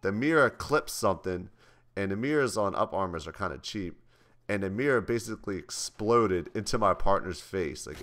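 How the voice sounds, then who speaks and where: Deep-voiced young man telling rambling stories. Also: bright, forceful tone. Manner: rambling, loose and profane, with many restarts. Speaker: vlogger. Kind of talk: casual storytelling to camera.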